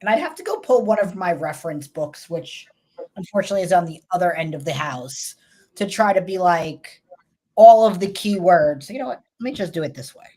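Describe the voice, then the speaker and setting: A woman's voice: fairly low pitch, warm tone, husky. A woman with a New York accent co-hosting a casual livestream chat, talking in a rambling, self-interrupting way. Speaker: co-host.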